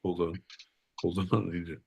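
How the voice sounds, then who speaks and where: A man co-hosting a podcast in casual comedic banter, loud and profane with sudden bursts of energy. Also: sits low, level tone, normal speed, gravelly, dull audio, slight background noise. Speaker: podcast co-host.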